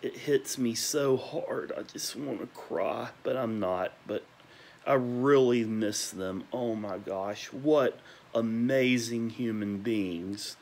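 A young man at home at night, ranting emotionally about people he misses and repeating warm praise, sometimes talking quietly. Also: medium pitch, slow. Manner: emotional, repetitive, listing names with gushing praise; talking quietly at times because parents are asleep. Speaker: vlogger. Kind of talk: nostalgic rant to camera.

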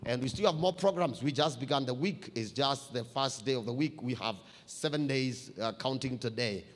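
A man, a church pastor preaching a sermon, climbing louder and higher as he reads scripture. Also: moderate pace. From Kenya. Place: church hall. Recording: long hall reverb.

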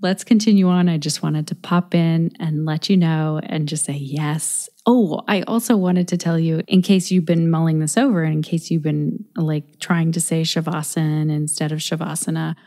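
A woman with a deep, mellow voice hosts a podcast, casually speaking straight to her listeners. She keeps the tone easy and direct as she introduces the next segment. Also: steady tone, moderate pace, hardly any pauses. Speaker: podcast host.

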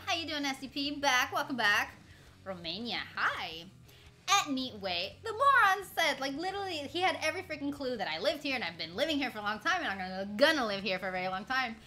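A woman's voice: fairly high pitch, bright, forceful tone. A woman in her twenties chatting casually with her stream viewers, rambling through stories, laughing often and greeting chat along the way. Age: 20s. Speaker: livestreamer.

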